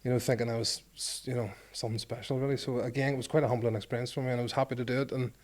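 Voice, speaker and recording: Speaking very fast, a man in his forties from Northern Ireland, once a rugby player, tells interview stories at his own expense and plays out the conversations he recalls. His medium-pitched voice keeps fairly even intonation and has a slightly mellow quality.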